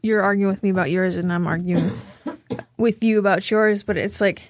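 A woman's voice: medium pitch, steady tone, moderate pace, a little hiss or hum. A woman co-hosting a podcast in casual chat, telling stories and acting out what people said. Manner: storytelling, acting out quoted exchanges. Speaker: podcast co-host.

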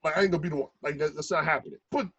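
A man's voice: on the high side, racing, breathy edge, no echo, poor audio. A man, talking casually and swearing freely as he tells stories. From Brooklyn, New York. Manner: profane, animated storyteller. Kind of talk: casual chat.

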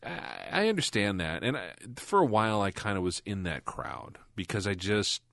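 A man's voice: fairly low pitch, very animated, moderate pace, gravelly, a bit bright, no echo. A man co-hosting a casual car podcast, talking in a rambling, chatty way and laughing often. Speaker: podcast co-host.

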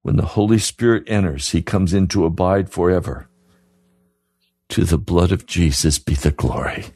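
A man's voice: low voice, moderate pace, a little mellow, breathy edge, no echo. A man preaching a radio sermon, earnest and pleading, repeating his questions to the listener. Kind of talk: sermon broadcast.

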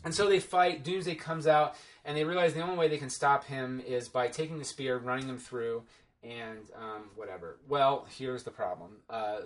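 A man's voice: a little high, a bit bright. A man giving a casual, rambling and sarcastic film review, full of fillers and restarts.

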